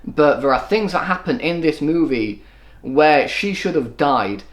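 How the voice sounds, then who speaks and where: A man giving an opinionated solo film review, running his thoughts together without pause. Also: a little high, lively intonation. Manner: opinionated, quick run-on delivery. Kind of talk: solo movie review commentary.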